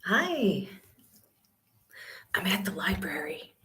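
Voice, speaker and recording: A woman in her fifties chatting casually with viewers on a live stream, speaking in a hushed, half-whispered voice with many fillers, from a small library study room on a laptop microphone. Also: lowish voice, very animated, takes it slowly. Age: 50s. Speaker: van-life vlogger hosting a live stream. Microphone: laptop webcam and built-in mic.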